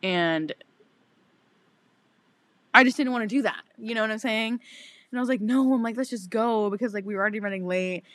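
A young woman in her twenties co-hosting a podcast, telling a story in casual, animated chat with lots of swearing and acted-out quotes. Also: medium pitch, a little fast, pauses often, no room sound. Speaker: podcast co-host.

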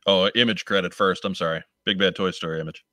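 A man's voice: low voice, fairly even intonation, fast talker, sharp tone, dry recording. A man co-hosting a casual podcast, upbeat, reading listener letters aloud. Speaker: podcast co-host.

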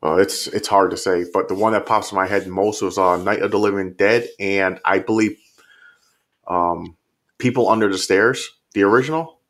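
Male guest, lowish voice, rambling easygoing talker, casual cursing. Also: fairly even intonation, moderate pace, a bit bright. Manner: easygoing, rambling, swears freely. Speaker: podcast guest. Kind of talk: casual chat.

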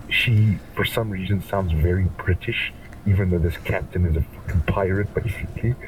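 Deep-voiced guy dm'ing a tabletop game, laid-back and playful, kinda far from the mic. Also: steady tone, normal speed. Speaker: game master. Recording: distant mic with faint background noise.

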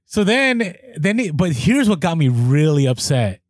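His pitch fairly high and his pace measured, a man recounts a story in relaxed conversation, voicing each character with animation. Exasperation sends his voice jumping up, and the studio-quality audio has no echo.

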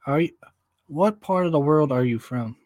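A man with a somewhat high voice co-hosts a relaxed chat show. He laughs easily and reads listener messages aloud. The sound is dry and close. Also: moderate pace, dry recording. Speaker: podcast co-host. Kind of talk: casual chat.

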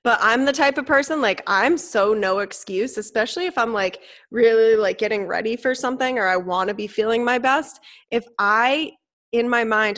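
A woman's voice: on the high side, normal speed, fairly bright tone. A young woman co-hosting a podcast in casual chat, blunt and emphatic, swearing freely as she gives fitness advice. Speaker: podcast co-host.

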